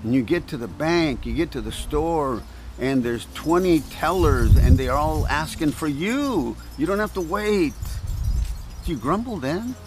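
Man, preacher, conversational devotional talk, questions to listeners, outdoors, slightly higher voice. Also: animated, unhurried, background noise. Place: outdoors in a breeze. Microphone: camera on a stand.

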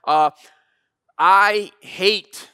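Man, pastor, casual sermon, animated storyteller, clear voice, dry close sound. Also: sits high, very slow, dry recording.

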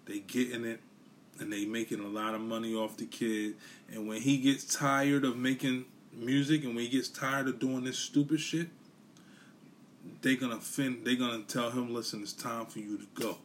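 A man's voice: mid-range voice, little pitch movement, moderate pace, slight background noise. A man hosting his own podcast, ranting bluntly and profanely in casual solo commentary, repeating his points for emphasis. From New York City. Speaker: podcast host.

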